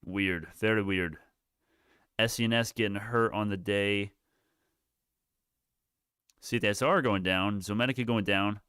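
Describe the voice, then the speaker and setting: A man hosts a live market stream, talking through price moves as they happen. He rambles, restarts sentences and swears casually. His voice is smooth and clear, with a dry, close sound and no room echo. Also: lowish voice, fairly even intonation, measured pace, pauses often, pushed and bright. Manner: rambling, self-correcting, profane. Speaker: livestream stock market host.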